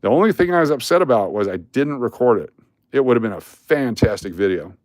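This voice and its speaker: A man's voice: mid-range voice, a little fast, no echo. A middle-aged man hosting a live stream, telling a story casually and acting out what other people said. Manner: animated, acts out other people's lines when retelling.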